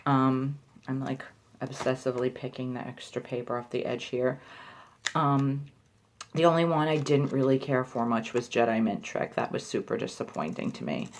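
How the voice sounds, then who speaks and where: A woman's voice: very deep voice, normal speed, a little hiss or hum. A woman talking casually in a product review vlog, chatty and full of filler words.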